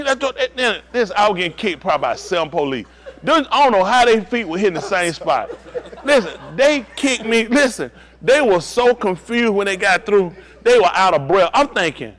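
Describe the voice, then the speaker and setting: A man's voice: high-pitched, sing-song, a little fast, fairly bright tone. A middle-aged male pastor telling a personal story in a sermon, acting out the voices of the people in it and laughing often.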